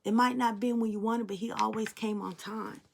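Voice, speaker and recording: A woman's voice: a little high, steady tone, normal speed, vocal fry. A woman giving a spiritual tarot reading to her viewers, preachy and blunt, talking straight at them and swearing now and then. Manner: preachy, blunt and emphatic, addressing viewers directly; swears casually. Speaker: tarot reader.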